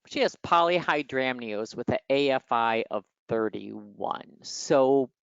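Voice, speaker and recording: A woman's voice: a bass voice, expressive, slow, gravelly, no room sound. A woman from Michigan with a nasal Midwestern accent, teaching in a chatty, teasing, direct way on a video call. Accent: Midwestern American. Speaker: exam prep tutor. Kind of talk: online teaching session. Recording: muffled dry call audio.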